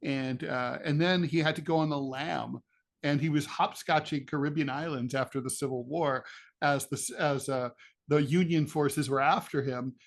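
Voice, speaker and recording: Rambling storytelling man, somewhat high. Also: fairly even intonation, moderate pace, creaky. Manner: rambling storyteller, jokey asides. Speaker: podcast co-host, political cartoonist. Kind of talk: casual political chat.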